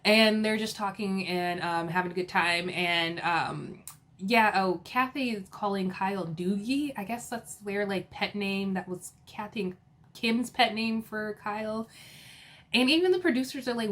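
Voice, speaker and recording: A woman's voice: medium pitch, moderate pace, a bit bright. Chatty woman giggling through a TV recap. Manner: chatty, laughing, full of fillers and asides. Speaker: reality TV recap host. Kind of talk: casual episode recap.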